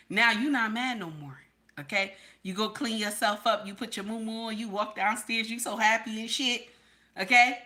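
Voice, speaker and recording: A woman hosts a livestream and talks straight to her chat. Her voice is bright and fairly high, and her delivery is blunt and candid. She keeps checking in with "okay?". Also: normal speed. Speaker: livestream host.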